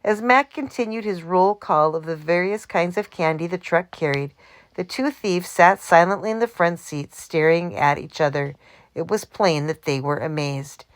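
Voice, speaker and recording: A woman narrating a children's storybook in a steady, even reading voice. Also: low voice, normal speed. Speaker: audiobook reader.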